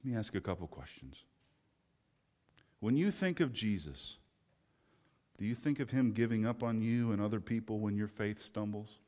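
A man's voice: on the low side, lively intonation, moderate pace, pauses often, mellow. A man preaching a sermon with fervent rhetorical questions. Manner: impassioned, rhetorical questions, acts out quoted voices. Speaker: pastor. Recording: long hall reverb.

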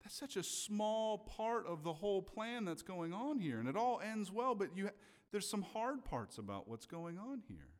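A man's voice: sits high, very animated, normal speed. A man preaching a sermon in a conversational way, often checking in with his listeners. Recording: long hall reverb.

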